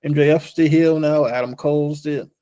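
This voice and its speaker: A man's voice: on the high side, steady tone, moderate pace, warm tone, smooth, no room sound. A man co-hosting a podcast in casual chat, blunt and profane, often tagging lines with "man". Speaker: podcast co-host.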